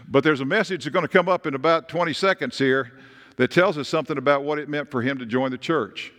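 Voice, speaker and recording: A man's voice: fairly high pitch, in a large hall. A man preaching a sermon as pastor, telling stories and driving points home with emphatic rises. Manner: animated, with emphatic rises and storytelling asides.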